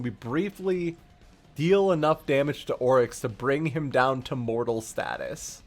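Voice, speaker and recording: A streamer rambling through a story recap with a very lively, up-and-down voice. The delivery is casual and profane, full of fillers like "like.". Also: medium pitch, unhurried, soft background music.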